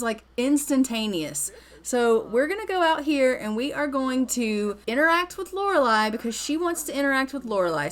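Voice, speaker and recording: A woman narrating a life-sim game in a casual, gossipy commentary style. She is excitable and exclaims freely, and her voice sits fairly high. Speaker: let's-play narrator.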